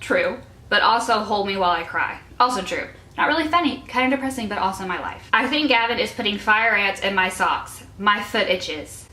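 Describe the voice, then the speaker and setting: Giggly self-mocking girl in her 20s reading her notes, bright voice, echoey room. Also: mid-range voice, animated, normal speed. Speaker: vlogger. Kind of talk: casual chat reading old notes aloud.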